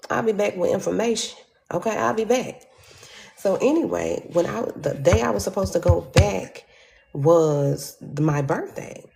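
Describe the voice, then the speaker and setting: Animated gravelly woman telling a story. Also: a little slow, noisy background. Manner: animated, profane, acts out quotes with sudden jumps in pitch. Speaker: storyteller vlogger.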